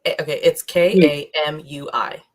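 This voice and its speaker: A woman's voice: low voice, steady tone, normal speed. A woman co-hosting a podcast in casual, rambling chat, laughing often as she talks. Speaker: podcast co-host. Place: streaming live.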